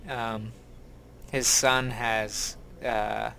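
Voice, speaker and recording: A man's voice: mid-range voice, flat delivery, extremely slow, vocal fry, sharp tone, a little hiss or hum. A man co-hosting a podcast in casual chat, making dry, wry quips. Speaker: podcast co-host.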